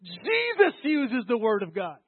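A man's voice: extremely high pitch, huge pitch swings, unhurried, breathy edge, dry recording. A man preaching an emphatic, repetitive sermon, often acting out quoted voices. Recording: tinny phone-like line, dry.

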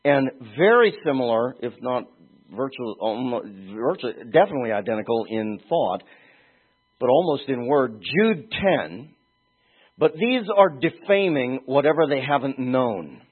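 A man preaching a sermon in an animated way, moving between quiet asides and shouted emphasis, with a husky voice. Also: medium pitch, measured pace. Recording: tinny phone-like sound.

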